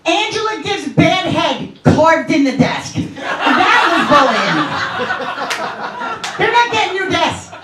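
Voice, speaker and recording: A woman's voice: very high-pitched, slow pace, heavy background noise. A middle-aged woman performing a stand-up comedy set on a club stage, telling sardonic stories about marriage and her sons. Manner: animated, sardonic storytelling. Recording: roomy club, distant mic, crowd laughter.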